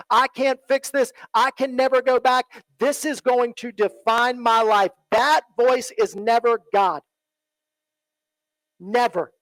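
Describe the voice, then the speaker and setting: A man with a high-pitched voice preaches a sermon in earnest, circling back to the same phrases. He often checks in with "right?" and goes quiet and low for quoted lines. The sound is dry and close. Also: no room sound, poor audio. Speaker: pastor. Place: church.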